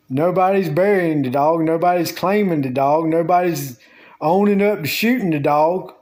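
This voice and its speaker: His voice a little high and darkish, a vlogger relaxes at home with the door open and meanders through a long story about his day. The delivery is slow and drawling, casual and rambling, marked by Southern US grammar.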